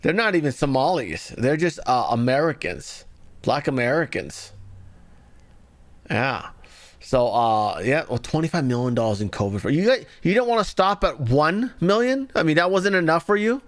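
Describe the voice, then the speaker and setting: Host, male, mocking and sarcastic, lively up-and-down delivery on a casual news stream. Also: a little high, moderate pace. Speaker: livestream news commentary host. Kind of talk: casual political commentary.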